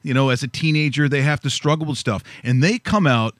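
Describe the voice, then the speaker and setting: A man's voice: medium pitch, brisk, fairly bright tone, no room sound. A man co-hosting a studio show, asking rambling, earnest questions in casual talk. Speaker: co-host.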